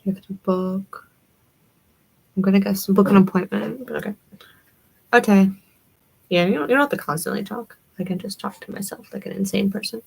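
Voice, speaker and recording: This young Southern woman, hosting a livestream, has a medium-pitched, creaky, slightly rough and a little mellow voice. She talks at a moderate pace with frequent pauses, rambling and answering viewer comments, though the recording is rough.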